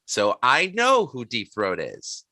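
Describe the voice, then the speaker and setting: A man's voice: medium pitch, huge pitch swings, takes it slowly, very noisy. A man hosting a podcast, chatting eagerly like a fan with his guest. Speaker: podcast host. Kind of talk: casual interview chat.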